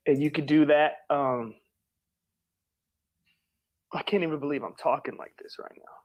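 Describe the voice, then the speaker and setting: A tearful man making an emotional appeal to viewers, pleading and halting, repeating words. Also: fairly high pitch, a little mellow.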